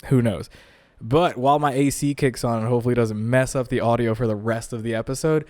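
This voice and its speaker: On a brisk, casual solo podcast recorded at home with no room sound, a young male host speaks with a medium-pitched, steady, darkish voice. He jokes around and leans on filler words, sounding tired and a little out of breath after an illness.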